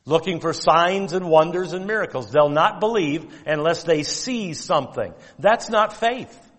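A male pastor preaching a sermon with emphatic, drawn-out stress on key words and quotes of King James scripture. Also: fairly high pitch, fairly bright tone. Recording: long reverb of a church hall.

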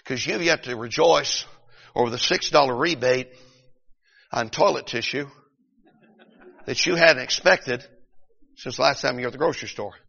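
A middle-aged man preaching a revival sermon, swinging between shouted peaks and hushed storytelling. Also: medium pitch, normal speed, gravelly, pauses often, breathy edge. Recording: dull recording in a long-reverb hall.

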